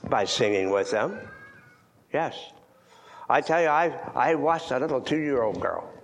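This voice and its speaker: Older man preaching, lively and emphatic. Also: mid-range voice, measured pace. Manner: swings from loud emphatic preaching to hushed near-whispers; old-fashioned scripture reading, repeats words for stress. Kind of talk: sermon. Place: church.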